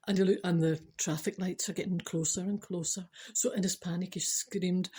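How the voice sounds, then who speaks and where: A woman's voice: on the low side, lively intonation, normal speed, mellow, breathy edge. A Scottish woman chatting casually as she tells funny stories, giggling and making asides to the viewer. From Scotland. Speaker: vlogger telling funny stories. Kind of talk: casual storytelling.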